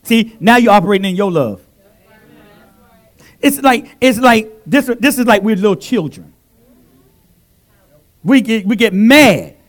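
A man preaches to his congregation with a strikingly high voice that leaps up and down in pitch. He calls out questions to the room and drops into soft asides between louder bursts. He is speaking into a handheld mic in a church. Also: expressive, unhurried, long pauses. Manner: call-and-response preaching, swinging from loud exclamations to soft asides. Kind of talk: sermon.

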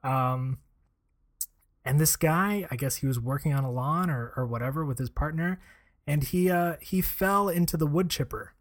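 A man's voice: a little high, moderate pace. A man in casual podcast chat, rambling with many "like" and "you know" fillers. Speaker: co-host, former aviation salesman.

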